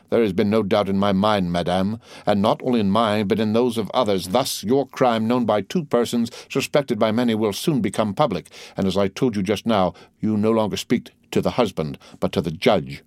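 A man's voice: fairly low pitch, darkish tone, no echo, studio quality, close to an everyday voice. A man doing a cold stern magistrate. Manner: cold, contemptuous.

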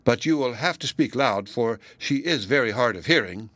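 A man's voice: medium pitch, expressive, normal speed, fairly bright tone, no echo. A man doing a sly, clever peasant.

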